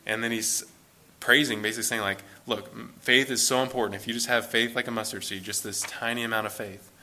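A man's voice: mid-range voice, steady tone, a little fast, pushed and bright. A man teaching a Bible study in a loose, conversational way, thinking aloud as he reads and explains passages.

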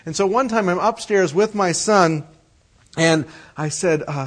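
A middle-aged male pastor with a fairly high voice delivers a sermon. He swings between quiet, hushed prayer and loud, animated storytelling. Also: unhurried.

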